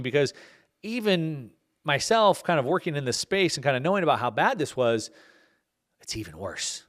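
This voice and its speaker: A man's voice: mid-range voice, fairly bright tone. A man hosting a podcast, talking off the cuff in a rambling way, with many fillers and restarts. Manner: plugs his own book. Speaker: podcast host. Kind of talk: casual podcast monologue.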